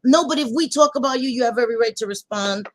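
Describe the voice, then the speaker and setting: A woman's voice: on the high side, quick pace, a loud crowd, poor audio. A woman in heated casual livestream chat, talking emphatically and repeating her points for stress. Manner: emphatic, repetitive, apologetic at times.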